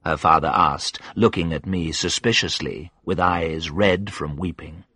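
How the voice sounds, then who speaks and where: A man narrating a first-person audiobook in a measured, sombre way. His voice is low and husky. The recording is dry and close. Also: bright, forceful tone, no echo.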